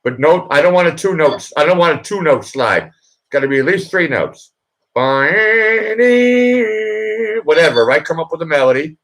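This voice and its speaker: A man with a slightly high voice hosting a casual livestream. He talks bluntly and pushes his points, repeating words to drive them home. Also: a little fast, rough recording. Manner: blunt, insistent, repeats himself. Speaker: livestream host. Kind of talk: casual live chat.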